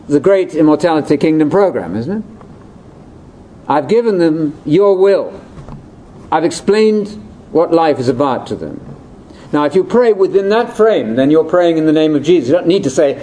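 A man leading a conversational Bible discussion, explaining in an animated way that jumps between high and low pitch. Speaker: Bible teacher.

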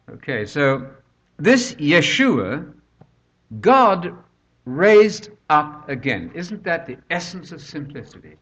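A man's voice: fairly high pitch, sing-song, slow pace, fairly bright tone. An older man preaching a conversational sermon, full of rhetorical questions, recorded on a dull lo-fi track.

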